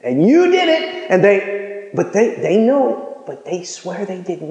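Male preacher, high and very animated, playful storyteller; echoey hall, dull lo-fi recording. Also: measured pace. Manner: animated, acts out dialogue with funny voices. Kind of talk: sermon.

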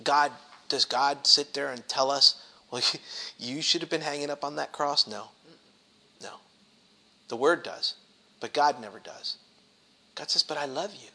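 A middle-aged man teaches a Bible study in a loose, animated way. His voice sits high and rings bright and sharp. He stumbles and restarts often and slips into acted-out grumbling voices. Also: unhurried, pauses often.

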